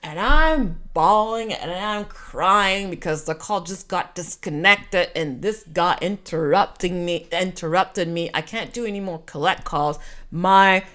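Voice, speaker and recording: A woman's voice: fairly low pitch, a little slow. A woman, telling a rambling personal story in a casual vlog. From Quebec. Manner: animated, rambling, self-interrupting. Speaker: storyteller vlogger.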